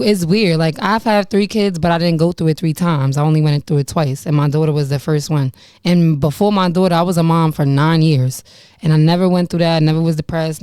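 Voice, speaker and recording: Frank young woman podcaster, smooth clear voice. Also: on the low side, darkish tone, no echo, studio quality. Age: young adult. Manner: frank and profane, laughs about painful memories. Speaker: podcast host. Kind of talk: candid personal storytelling.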